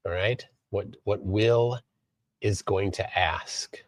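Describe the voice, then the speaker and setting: A man from Minnesota hosting a live stream, reading chat aloud and commenting in a halting way with many fillers. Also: on the low side, no room sound. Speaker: livestream host.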